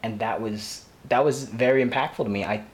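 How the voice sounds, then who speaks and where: A man's voice: medium pitch, brisk. Gushing, rambling man reviewing a show. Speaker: podcast host. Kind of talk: casual solo TV review.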